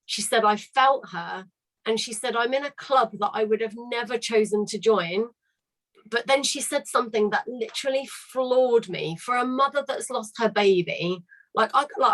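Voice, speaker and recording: A woman's voice: a little high, moderate pace, a bit bright, low-quality recording. A woman who leads a choir tells a story in casual chat on a video call, candid and chatty, swearing now and then. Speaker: choir leader.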